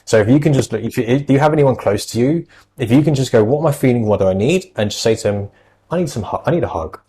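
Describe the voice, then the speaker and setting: Fast-talking man, earnest and reassuring. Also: medium pitch, expressive, warm tone, breathy edge, rough recording. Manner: earnest, reassuring, many fillers. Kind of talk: advice in podcast conversation.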